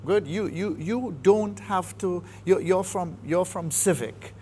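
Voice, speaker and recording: A man's voice: high voice, takes it slowly, mellow, slight background noise. A man with a Trinidadian accent, a football coach giving an interview, speaking emphatically and repeating words as he builds his points. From Trinidad and Tobago. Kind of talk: studio interview.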